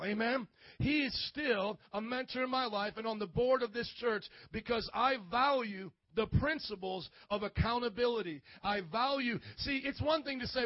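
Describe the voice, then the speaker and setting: A man's voice: extremely high pitch, no echo, dull audio. A man in his thirties preaching a sermon as pastor, calling for amens and acting out quoted voices. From grew up in an Italian family. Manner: call-and-response preaching, asks congregation for amens.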